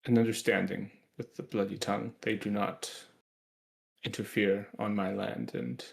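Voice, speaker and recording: A man voicing an older woman shopkeeper in a tabletop game who speaks haltingly and fearfully and turns to shrill screaming. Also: little pitch movement, creaky, full character voice. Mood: hesitant, fearful.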